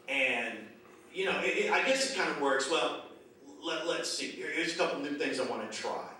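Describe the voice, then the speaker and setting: A man's voice: fairly high pitch, lively intonation, moderate pace, heavy reverb, recorded from a distance, a crowd in the background. A man doing a stand-up comedy set at a memorial show, ranting in a profane, grumpy way.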